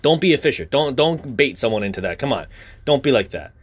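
A man's voice: medium pitch, sing-song, fairly quick, slightly rough. A young man talking casually, blunt and profane, in a heated rant.

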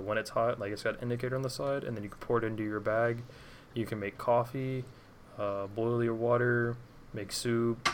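A man's voice: on the low side, a little hiss or hum. A man hosting a casual group chat, talking in a rambling, hesitant way with many fillers.

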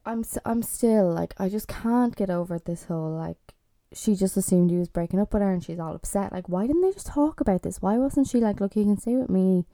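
A woman's voice: medium pitch, expressive, fairly quick, dark tone, no echo. A young Irish woman in her twenties, chatting casually and with exasperation as a vlogger reviewing a TV series. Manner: chatty and exasperated, lots of fillers.

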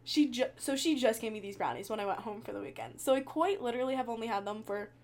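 A young woman with a fairly high voice talks fast as a podcast co-host, chatting casually. She tells stories with lots of giggling and animated energy, acting out the quotes.

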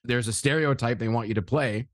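A man's voice: medium pitch, a little fast, no room sound, clean studio sound. A man in his thirties hosting a casual podcast chat, easygoing and affirming, laughing often as he responds. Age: 30s.

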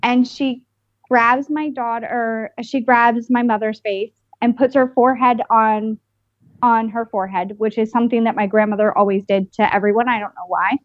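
Woman podcast co-host, storyteller type, mimics voices; higher pitch, dry, slightly dull sound. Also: normal speed, dry recording. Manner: animated, acts out quoted voices. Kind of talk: casual storytelling chat.

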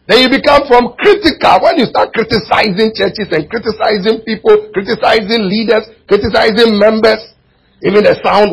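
High, husky impassioned preaching man. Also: rough recording. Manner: impassioned preaching, swinging from shouts to low asides. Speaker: pastor. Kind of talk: sermon. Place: church.

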